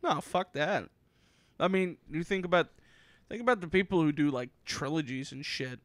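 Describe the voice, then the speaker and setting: A young man co-hosting a casual gaming podcast, animated and swearing freely, now and then slipping into put-on voices. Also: a little high, moderate pace, no room sound. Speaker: podcast co-host. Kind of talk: casual chat.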